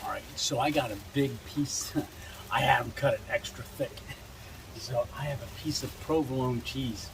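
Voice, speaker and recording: A man vlogging while cooking at an outdoor camp, chatty and quick to laugh, sometimes dropping to a hushed voice. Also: medium pitch, gravelly. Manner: chatty, laughs often, talks quietly at times. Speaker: camping vlogger. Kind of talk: casual cooking narration. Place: outdoors under a covered bridge. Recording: noisy outdoor camp recording.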